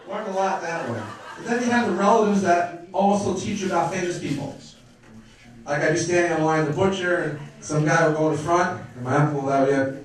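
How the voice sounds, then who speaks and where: A man's voice: high voice, brisk, a little hiss or hum. A middle-aged man doing a wisecracking stand-up set, working the crowd. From Brooklyn, New York. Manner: brash, wisecracking, crowd work. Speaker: stand-up comedian. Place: comedy club stage. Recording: echoey club from far off.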